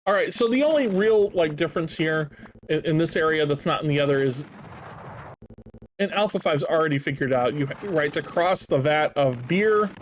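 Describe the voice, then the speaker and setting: A man's voice: on the high side, expressive, normal speed, slight background noise. A man co-commentating a game stream in a chatty, hesitant way with many fillers.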